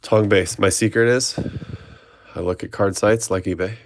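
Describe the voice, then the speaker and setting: A man's voice: lowish voice, steady tone, moderate pace. A man hosting a trading card break, reading off player names and chatting with viewers. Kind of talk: live card-opening stream chat.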